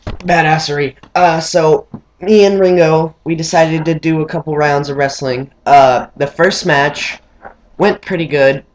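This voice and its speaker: A young man rambling through a story to the camera, full of fillers and restarts. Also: a little slow. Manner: rambling, filler-heavy, mimics friends in high excited voices. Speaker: vlogger.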